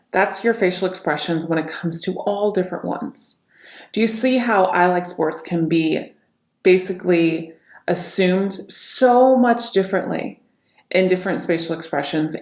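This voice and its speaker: A woman talks her viewers through practicing facial expressions and tonality, like a coach giving a lesson. Her voice sits low and has a gravelly fry to it. The room around her sounds echoey. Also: a little mellow. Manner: demonstrates emotions by repeating one line in many tones. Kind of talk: instructional talk to camera.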